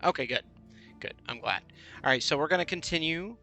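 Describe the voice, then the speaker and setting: A man's voice: fairly high pitch, animated, brisk, gravelly, bright, forceful tone. A man streaming a video game, chatting casually with viewers with many fillers and restarts, over faint game music. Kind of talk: casual gameplay commentary.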